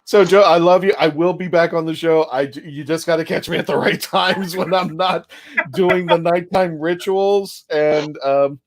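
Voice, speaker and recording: A man's voice: a little high, fairly even intonation, normal speed. A man in a casual stream chat, telling rambling stories and laughing often.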